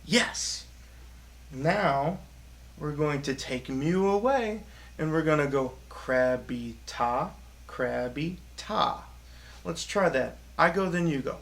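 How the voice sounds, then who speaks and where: Slow, upbeat male music teacher. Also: a little high, animated, vocal fry. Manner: upbeat, chants syllables slowly and loudly for students to echo. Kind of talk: classroom rhythm lesson for children. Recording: music playing behind the voice.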